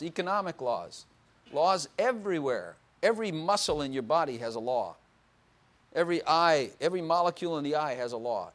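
An older man preaching to a congregation in a church. He keeps it conversational and playful, laughing often and asking the listeners questions. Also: fairly high pitch. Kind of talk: sermon.

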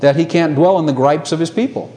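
A man preaching a sermon to a congregation, animated, laughing often and asking rhetorical questions. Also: fairly high pitch, normal speed, slight background noise.

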